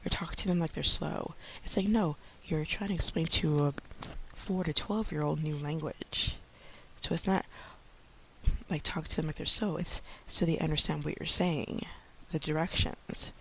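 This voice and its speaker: A woman in her thirties, an online English teacher, giving chatty tips in a casual vlog with many fillers, slowing down to model speech for young learners. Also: low voice, fairly even intonation, slight background noise. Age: 30s.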